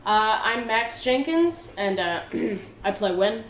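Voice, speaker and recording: A woman introducing her fighter character in a slow, laid-back way. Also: medium pitch, animated. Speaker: player. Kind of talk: casual chat. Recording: distant mic in roomy space.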